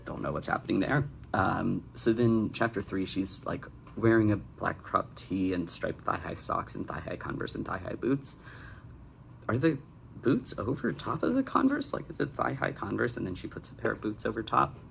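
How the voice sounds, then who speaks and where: A man's voice: lowish voice, expressive, moderate pace, vocal fry, slight background noise. A young man hosting a comedic critique of bad fan fiction, with sarcastic, exasperated asides. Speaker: fanfic critic and host.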